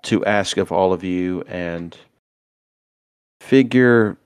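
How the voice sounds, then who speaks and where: A man voicing a male British chief inspector in a shaky fake British accent, formal and halting. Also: low voice, a little mellow, clean tone, no room sound, clean studio sound. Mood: briefing.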